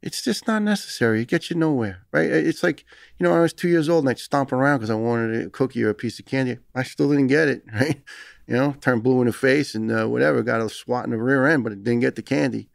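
A man's voice: medium pitch, quick pace, vocal fry, dry recording, clean studio sound. A man in his fifties with a New York accent, talking earnestly and emphatically as a guest on a podcast interview. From United States. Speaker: retired firefighter guest.

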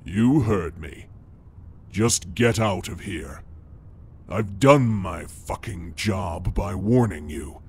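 A huge wolf-like male beast growls out warnings in a man's put-on voice, deep, menacing and contemptuous. The voice sits low and comes husky and breathy, dragging each word out slowly. It is a storybook horror monster that barely holds back its rage. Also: lively intonation, heavily acted. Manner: slow, threatening, contemptuous.

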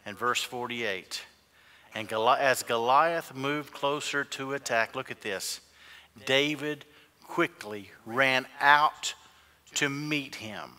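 A man preaching from the pulpit with a bright, forceful voice, swinging between hushed asides and ringing, shouted peaks. His voice rolls out into a church hall with a long reverb tail. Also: mid-range voice. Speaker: pastor. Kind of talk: sermon. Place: church sanctuary.

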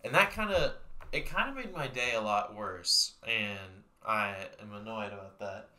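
A man's voice: lowish voice, expressive, measured pace, sharp tone. A young man vlogging to camera, rambling and joking in a loose, profane way about his day. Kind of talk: casual chat to camera.

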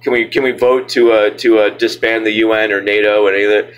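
Low-voiced man ranting sarcastically. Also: little pitch movement, quick pace, smooth, muffled recording. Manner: sarcastic, rambling, with filler words. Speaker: vlogger. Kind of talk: casual rant to camera.

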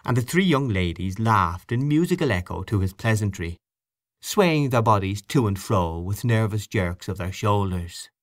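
A man's voice: fairly low pitch, animated, moderate pace, dry recording, clean studio sound. A man narrating an audiobook, reading expressively and switching into character voices. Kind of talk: scripted narration.

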